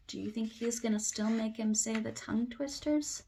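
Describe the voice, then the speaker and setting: A woman's voice: on the high side, steady tone, normal speed, vocal fry, hardly any pauses, mellow, slight background noise. A young woman teacher reading a children's storybook aloud, playfully stumbling through tongue twisters and talking to young viewers.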